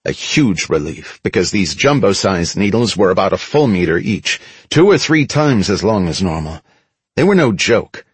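A man narrating an action story in the first person as an audiobook, dramatic and expressive. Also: low voice, normal speed, husky, dry recording.

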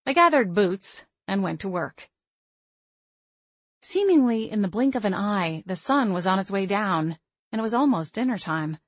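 A woman reading a first-person audiobook in a steady, even storytelling manner. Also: medium pitch, moderate pace, breathy edge, no room sound. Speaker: audiobook narrator.

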